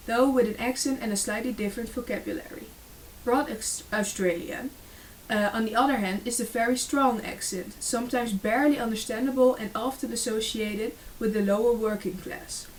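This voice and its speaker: A woman reading a school presentation aloud, with frequent fillers and small restarts. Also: on the high side. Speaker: student presenter. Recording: distant mic with faint hiss.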